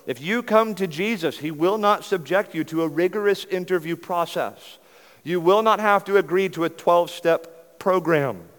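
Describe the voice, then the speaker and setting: A pastor preaching a sermon earnestly and emphatically, rising to loud insistence and dropping to hushed pleading. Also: male voice, fairly high pitch. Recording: long hall reverb.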